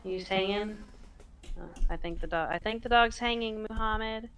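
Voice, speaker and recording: A woman player chatting in character over a game voice chat. She talks in a casual, giggly way, often breaking into exclamations, at an ordinary middle pitch. Faint game noise hums behind her. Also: moderate pace. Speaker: roleplay player.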